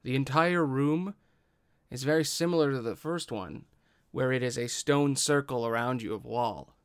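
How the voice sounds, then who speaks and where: A man acting as game master, narrating a tabletop game in a slow, measured way. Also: medium pitch, smooth.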